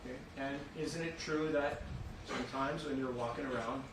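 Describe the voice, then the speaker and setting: A man's voice: mid-range voice, steady tone, normal speed. Brief: male attorney cross-examining, leading questions, captured from far off in a hall-like courtroom with noise. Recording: distant courtroom mic, very echoey and noisy.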